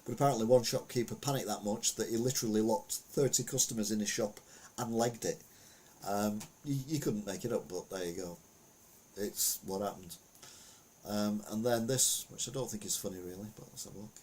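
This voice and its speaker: A man's voice: on the low side, fairly quick, a little mellow, slight background noise. A man, hosting a podcast of casual news commentary, rambling and chatty with lots of fillers. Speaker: podcast host.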